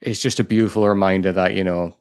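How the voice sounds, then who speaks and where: A man's voice: low voice, fairly even intonation, fast, a little mellow, clean tone. A man co-hosting a podcast, talking with heartfelt enthusiasm and lots of fillers. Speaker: podcast co-host. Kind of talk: casual chat.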